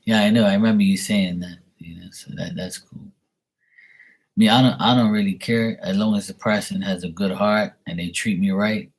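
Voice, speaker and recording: Man, young adult, stream host, angel card reading, husky, lowish voice, relaxed, rambling. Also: normal speed. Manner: relaxed, rambling, chatty with viewers.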